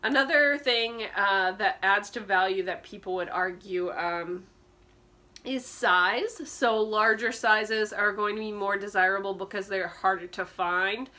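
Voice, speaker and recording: A woman's voice: medium pitch, sharp tone. A woman vintage clothing reseller giving a chatty show-and-tell tutorial, explaining details with frequent ums.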